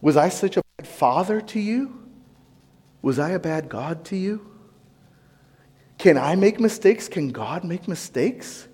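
A preacher voicing God, hushed and grieved. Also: male voice, high voice, lively intonation, unhurried, long pauses, husky, long reverb tail, exaggerated voice. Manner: hushed, sorrowful questioning. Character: God, a grieved fatherly male deity. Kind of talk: sermon role-play.

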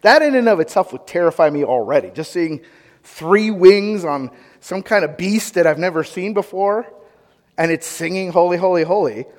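A man giving an interactive sermon, conversational and animated, asking his audience questions and wandering into asides. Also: high-pitched, normal speed, long reverb tail. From United States. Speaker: pastor or Bible teacher.

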